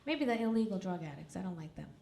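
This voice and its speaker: A woman's voice: lowish voice, lively intonation, fast talker, vocal fry, warm tone. A middle-aged woman performing a crude, self-mocking stand-up comedy set on a club stage into a handheld mic. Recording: live club with crowd laughter. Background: audience laughter.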